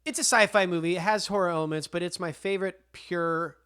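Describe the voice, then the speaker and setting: A man's voice: high voice, quick pace, sharp tone, clear, resonant tone. A man co-hosting a casual film podcast, telling stories with eager enthusiasm and lots of fillers and restarts. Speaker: podcast co-host.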